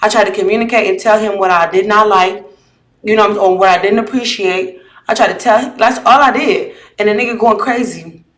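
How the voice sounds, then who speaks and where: A woman's voice: mid-range voice, steady tone, a little fast. A woman chats straight to her viewers through a phone or camera mic. She reads messages aloud and retells an argument bluntly, heated and swearing often, then asks viewers to judge who was wrong. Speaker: vlogger. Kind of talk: casual chat to viewers. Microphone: camera or phone mic while live.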